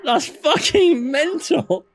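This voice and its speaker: A man's voice: very high voice, animated, slow, gravelly, a little hiss or hum. A young man co-hosting a podcast in casual chat, incredulous, swearing and stumbling over his words. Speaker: podcast co-host.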